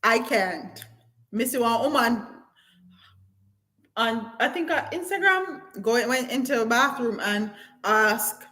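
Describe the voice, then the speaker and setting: A woman's voice: on the high side, takes it slowly, low-quality recording. Blunt woman chatting live. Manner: blunt, animated, reads viewer comments aloud; patois phrasing, frequent laughter. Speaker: live stream host. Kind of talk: casual live-stream chat.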